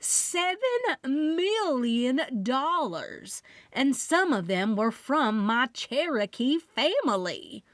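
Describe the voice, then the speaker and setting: A woman's voice: high-pitched, big pitch swings, a bit bright, dry recording, clean studio sound, pitched above the performer's own voice, exaggerated voice. A woman voicing a stern, wealthy Southern woman who screeches and draws out her words, with a Southern accent, in an audiobook. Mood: indignant. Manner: screeching, drawn-out, indignant.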